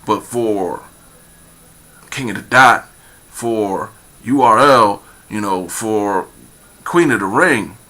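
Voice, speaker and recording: Philly man, slowish, low-pitched, bright forceful tone, rambling vlog commentary with lots of fillers. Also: lively intonation. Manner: rambling, repeats himself, many fillers, grows emphatic. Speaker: vlogger. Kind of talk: casual commentary monologue.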